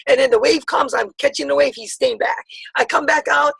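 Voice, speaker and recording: A woman, giving a passionate, rapid motivational talk on a sales call. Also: sits high, vocal fry, fairly bright tone, dry recording, low-quality recording. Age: 50s. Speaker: network marketing speaker.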